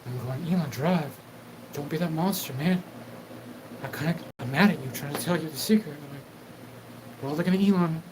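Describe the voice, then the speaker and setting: A man's voice: a little high, fairly quick, long pauses, background noise. A man hosting a solo show, talking in a rambling, profane monologue and acting out quoted back-and-forth exchanges. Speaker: host.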